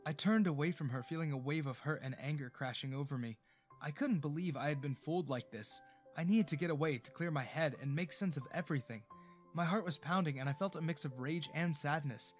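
Emotive male storyteller over soft music. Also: fairly high pitch, a little fast. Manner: emotive dramatic reading. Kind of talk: scripted first-person narration of a romance story.

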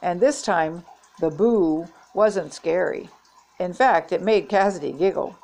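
An older woman reading a children's chapter book aloud in a steady, gentle read-aloud manner. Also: fairly low pitch, unhurried, poor audio. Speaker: storybook reader.

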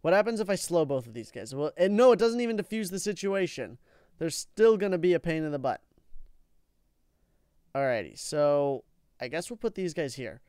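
A young man hosting a let's play video, talking through his game with excitable, melodramatic outbursts of frustration. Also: fairly high pitch, normal speed, smooth, dry recording, clean studio sound. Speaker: gaming video host. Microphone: own microphone, said.

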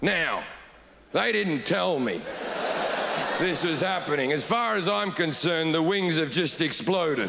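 A high-voiced man tells a stand-up story in a deadpan way, breaking into shouts. His voice rings with long reverb in a large hall, and the crowd is loud behind him. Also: measured pace, vocal fry, very noisy. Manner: deadpan with sudden shouted outbursts. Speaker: stand-up comedian. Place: large comedy hall with audience.

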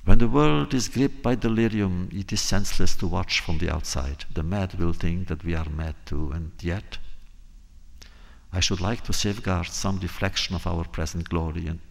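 A man voicing a grave, stern old king with slow, deliberate phrasing. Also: low voice, vocal fry.

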